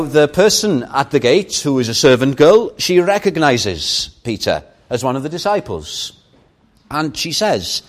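A man whose first language is Welsh, preaching a Sunday morning sermon as a slow, expressive storyteller who leans hard on key words. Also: medium pitch.

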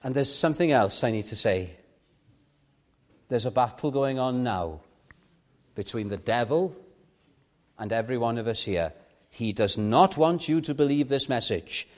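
A man's voice: mid-range voice, lively intonation, moderate pace, long pauses. A man with a Welsh accent preaching an earnest evangelistic sermon, pleading and building to emphatic repetition.

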